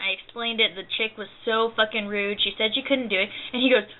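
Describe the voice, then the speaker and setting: A woman's voice: a little high, steady tone, a little fast, narrow, tinny audio. A young woman ranting indignantly and profanely, acting out other people's words as she tells the story. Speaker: vlogger. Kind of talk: angry rant to camera.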